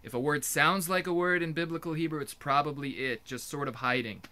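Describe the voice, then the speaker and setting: A man's voice: fairly high pitch, brisk, bright, forceful tone, slight background noise. A man giving an informal explanatory talk as a religious teacher, earnest and emphatic, often restarting his sentences mid-thought.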